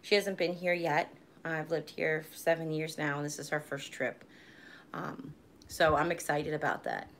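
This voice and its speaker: Woman, 40s, lower voice, rambling live-stream host who laughs easily. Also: fairly even intonation, normal speed, a bit bright, a little hiss or hum. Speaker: vlogger hosting a live stream. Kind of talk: casual live-stream chat.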